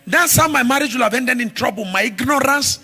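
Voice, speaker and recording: A man preaching a sermon, telling stories with animated shifts from shouts to murmurs. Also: very high voice, fairly quick, husky, faint music behind. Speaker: pastor.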